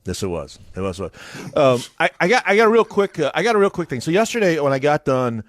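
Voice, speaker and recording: A man's voice: a little high, sing-song, fast talker, dry recording. A man hosting a morning radio show, telling a long rambling story in casual banter with his co-hosts. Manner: rambling storyteller with lots of restarts. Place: radio studio. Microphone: studio mic.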